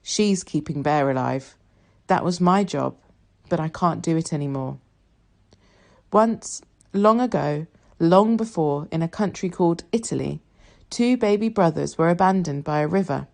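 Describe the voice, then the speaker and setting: A woman narrates a novel in the first person with a soft, reflective delivery. Her voice sits low and sounds mellow and warm. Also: animated, a little slow, vocal fry. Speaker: audiobook reader.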